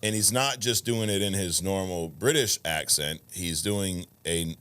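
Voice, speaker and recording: A man in his thirties from the States co-hosts a podcast with a low, relaxed voice. He reads viewer comments aloud in an easy, casual way, peppering his talk with "dude" and "bro" and the odd swear. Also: a little slow, clean tone. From United States. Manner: laid-back, swears freely, calls people bro and dude. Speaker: podcast co-host.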